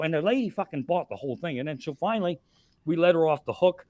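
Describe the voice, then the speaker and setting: A man in his sixties spins profane comic stories on a live podcast, getting loud on the punchlines. His voice sits a bit high, and the recording is close and dry. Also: lively intonation, fast talker, no echo. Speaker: comedian guest telling stories. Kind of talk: casual storytelling on a live podcast.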